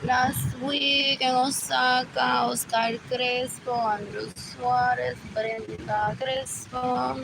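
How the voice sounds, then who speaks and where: A woman with a high voice rambles unhurriedly through a live stream on her phone, circling back to the same questions and drifting between English and Spanish. Loud traffic and passing vehicles fill the background. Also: level tone, takes it slowly, creaky, hardly any pauses. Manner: meandering, repeats herself, switches between English and Spanish. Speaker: livestreamer.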